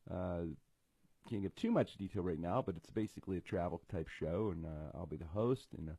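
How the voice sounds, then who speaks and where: Middle-aged man, low and husky, self-deprecating comic host, dry close mic. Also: brisk, mellow, no room sound. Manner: rambling, self-deprecating jokes with frequent restarts. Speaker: radio comedy show host. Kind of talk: casual comedic chat. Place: home studio.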